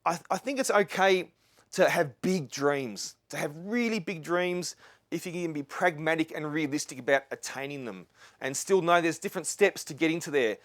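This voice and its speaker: A man's voice: a little high, expressive, normal speed, a bit bright, no room sound, studio quality. Earnest Australian tradesman giving a talk. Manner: earnest, rambling with restarts and asides. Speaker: speaker. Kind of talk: live talk to an audience. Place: lecture venue with live audience.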